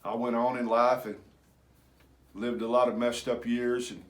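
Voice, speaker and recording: A man's voice: mid-range voice, flat delivery, unhurried. A middle-aged man, telling a personal story in a folksy, self-deprecating way. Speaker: vlogger.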